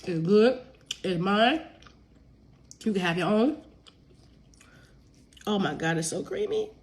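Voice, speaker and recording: Speaking slowly with big swings in pitch, a woman with a medium, slightly mellow voice cooks on a casual live stream. The sick, sniffly home cook and cookbook author chats with her viewers, calls them y'all, and laughs easily.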